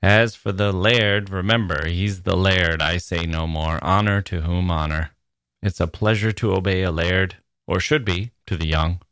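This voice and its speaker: A man voicing an earnest, kindly elderly minister, giving slow, deliberate advice. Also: deep voice, fairly even intonation, a bit bright, clear, resonant tone, no room sound. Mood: solemn. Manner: solemn, deliberate advising.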